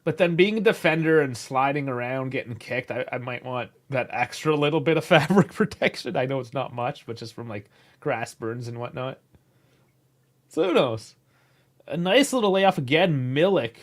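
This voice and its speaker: A man's voice: medium pitch, expressive, moderate pace. A man from Canada, hosting a casual live match reaction, chatty and laid-back with frequent chuckles and casual swearing. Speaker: host.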